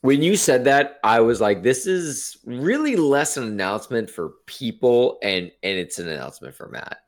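A man in his twenties co-hosting a casual podcast, laid-back and quick to laugh and joke. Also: mid-range voice, very animated. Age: 20s. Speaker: podcast co-host. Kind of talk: casual chat.

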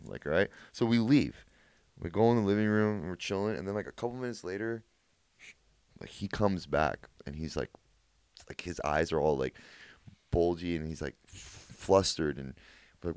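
A man's voice: deep voice, expressive, fairly quick, a little mellow, smooth, no echo. A man in his twenties, a podcast co-host, telling a story casually among friends, laughing often and swearing, with lots of filler words.

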